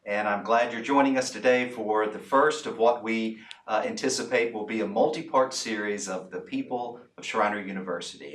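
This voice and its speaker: A man opens a formal interview in a measured, slightly hesitant way. His voice sits on the low side. He is heard from a distance, with echo from the room. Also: fairly bright tone. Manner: measured, with frequent "uh" fillers. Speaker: university president hosting the interview. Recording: roomy, from a distant mic.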